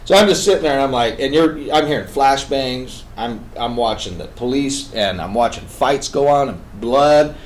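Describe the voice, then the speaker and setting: Animated man telling a story. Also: medium pitch, normal speed, few pauses, a little hiss or hum, low-quality recording. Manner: animated, swings between loud emphatic bursts and hushed intense passages. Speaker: guest on a talk show. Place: radio studio.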